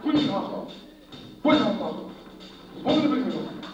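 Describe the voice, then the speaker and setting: Bumbling hotel clerk, played by a man, very high voice, echoey, dull old recording. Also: big pitch swings, a little fast, recorded from a distance, faint music behind. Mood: confused. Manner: mishears and repeats words, thick put-on accent. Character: bumbling foreign male hotel clerk mishearing orders. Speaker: hotel room service clerk. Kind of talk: comedy sketch acting.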